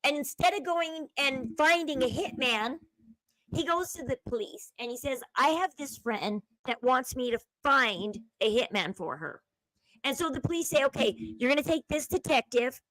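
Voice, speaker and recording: High-voiced chatty woman telling a crime story. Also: expressive, moderate pace, a bit bright, no echo, low-quality recording. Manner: chatty storyteller, acts out quotes, euphemisms like schmurdered. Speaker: commentary channel host. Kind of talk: casual true-crime retelling.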